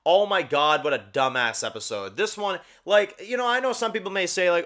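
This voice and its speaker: A man hosting a casual TV review channel, tearing into episodes with blunt, exasperated swearing. His voice sits a little high for a man and sounds bright and sharp, and he repeats words to hammer his points home. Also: animated, fairly quick, hardly any pauses. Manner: frequent fillers, repeats words for emphasis. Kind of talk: casual ranked-review rant.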